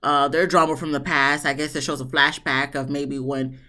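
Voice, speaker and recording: A woman casually recapping a TV episode, chatty and animated, with sarcastic asides. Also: moderate pace. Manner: chatty, animated, mock-quotes people with big pitch swings. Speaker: TV show reviewer.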